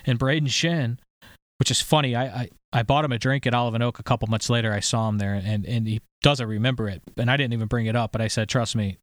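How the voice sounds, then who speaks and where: A man's voice: medium pitch, fairly even intonation, quick pace, no echo, clean studio sound. A man in his thirties from St. Louis, hosting a podcast and telling a story in a rambling, profane, emphatic way full of restarts. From St. Louis, USA. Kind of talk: casual storytelling chat.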